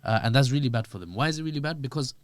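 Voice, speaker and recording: A man, a podcast guest giving lively, joking political commentary. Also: mid-range voice, very fast, no echo. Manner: animated, joking, acts out quoted voices.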